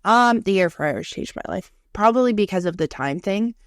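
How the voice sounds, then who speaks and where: A woman in her thirties co-hosting a podcast, chatting candidly with lots of swearing and animated storytelling. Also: medium pitch, normal speed, no room sound, clean studio sound. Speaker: podcast co-host. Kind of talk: casual chat.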